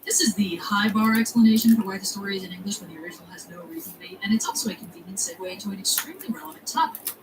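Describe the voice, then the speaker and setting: A woman's voice: medium pitch, rapid-fire, few pauses, over music, rough recording. A woman from the United States narrating a scripted video essay, with wry, sarcastic asides.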